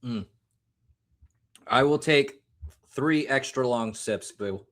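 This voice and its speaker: Taking things slowly, an American man with a fairly bright, mid-range voice rambles through a live stream. He's joking and self-mocking, his talk loose and easygoing, like someone having a drink on air.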